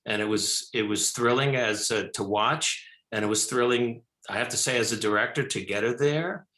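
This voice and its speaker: An older man, a film director, telling stories in a talk show interview, animated and rambling with many restarts. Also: mid-range voice, moderate pace, roomy sound. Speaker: film director and actor, guest.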